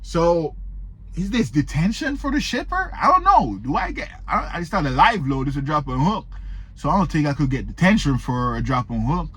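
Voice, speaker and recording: A man's voice: a little high, sing-song, moderate pace, a bit bright, husky. A man who drives trucks, chatting casually and rambling in a storytime vlog from his parked truck. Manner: laid-back, rambling, says "man" often.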